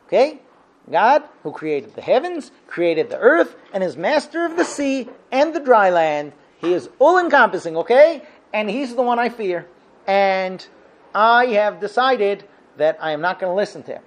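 A man's voice: high-pitched, very animated, moderate pace. A man voicing a proud, stubborn prophet who declares his faith emphatically. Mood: defiant.

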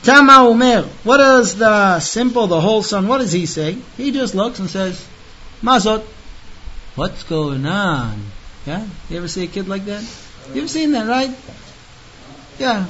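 A man teaching a religious text line by line. He chants the Hebrew quickly, then explains it plainly and emphatically, speaking straight to the listener. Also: sits high, bright, forceful tone, highs cut off, slight background noise. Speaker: Torah teacher.

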